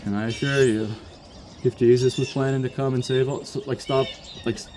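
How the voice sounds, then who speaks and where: A man's voice: medium pitch, steady tone, fairly quick, noisy background. Man talking outdoors among birdsong. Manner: coos softly to animals, then rants about politics. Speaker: vlogger feeding squirrels and birds. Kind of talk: casual outdoor monologue. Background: birdsong and outdoor ambience.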